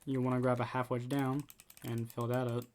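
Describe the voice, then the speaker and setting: A man at medium pitch talks viewers through a game building tutorial in a loose, casual way. He restarts his sentences often and repeats words as he goes. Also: little pitch movement, normal speed, darkish tone.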